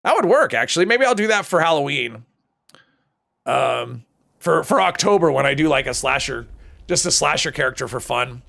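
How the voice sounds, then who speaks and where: A man's voice: on the high side, very animated, normal speed, creaky, a bit bright. A man chatting casually on a live stream while he plays a game, reading chat and answering it, his voice strained and tired.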